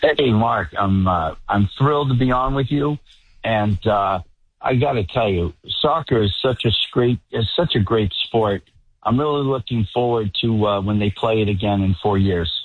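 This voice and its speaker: A man with a Boston accent, a political commentator calling in to a radio show, relaxed and wry. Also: on the low side, normal speed, no room sound. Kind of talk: call-in radio interview. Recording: tinny phone line.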